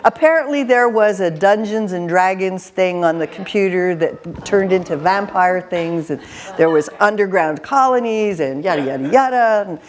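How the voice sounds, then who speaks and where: A woman in her fifties, a career counselor, telling lively stories in an interview with an intense manner and frequent laughter. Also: fairly low pitch, moderate pace. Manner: animated, laughing storyteller. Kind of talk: storytelling in an interview.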